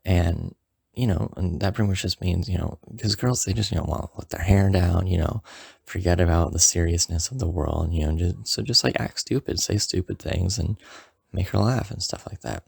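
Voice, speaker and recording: A man casually telling a comic story, rambling with lots of "you know" and "like", jumping into higher voices for the people in it. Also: normal speed, creaky, a little mellow, husky, no room sound, clean studio sound. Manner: acts out the friend's lines in a higher voice.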